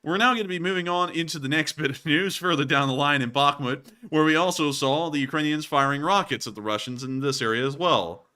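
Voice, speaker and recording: A man's voice: a little high, fairly quick, few pauses, pushed and bright, smooth. A man hosting a casual commentary show over video clips, rambling and making sarcastic jokes. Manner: jokey, rambling, sarcastic asides. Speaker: host of a war news commentary channel.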